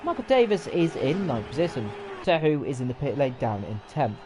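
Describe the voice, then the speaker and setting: A man calls a sim race live, chatty and often unsure, stopping to correct himself. Game car engines roar loudly behind his voice. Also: mid-range voice, sing-song, brisk, noisy background. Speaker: race commentator. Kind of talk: live sim racing commentary. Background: racing game car engines.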